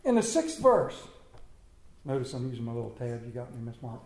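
A male preacher telling a comic personal story in a sermon, with animated delivery. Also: mid-range voice, brisk. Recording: echoey room.

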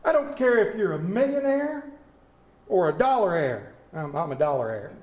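A man preaching a sermon as pastor, impassioned and swinging from loud to hushed. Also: high-pitched, big pitch swings, moderate pace. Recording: echoey church room.

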